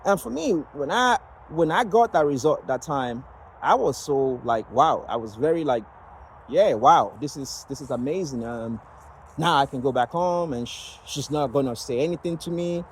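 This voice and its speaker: A man's voice: fairly high pitch, lively intonation, moderate pace, slight background noise, low-quality recording. Rambling man from Nigeria. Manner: rambling, many fillers and restarts. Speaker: vlogger sharing personal story. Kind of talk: casual personal storytelling.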